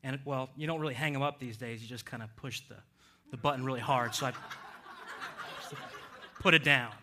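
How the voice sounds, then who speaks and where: A man preaching a sermon, telling a personal story in a lively way with frequent laughter. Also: medium pitch, normal speed, background noise. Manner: animated, laughs between lines. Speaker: pastor.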